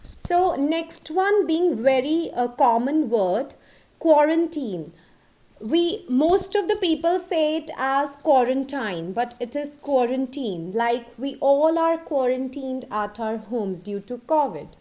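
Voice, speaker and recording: A woman with a high voice gives an online English pronunciation lesson. She talks in an explanatory way, with frequent "uh" fillers, spells words out letter by letter and keeps checking in with "okay?". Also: animated, takes it slowly, mellow.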